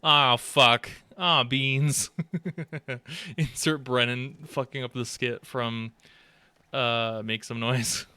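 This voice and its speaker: A man's voice: medium pitch, fairly even intonation, slow, long pauses, pushed and bright, clear, resonant tone, no room sound. A man streaming a video game live, rambling and joking as he plays, swearing often, into a desk microphone. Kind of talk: casual live gameplay commentary.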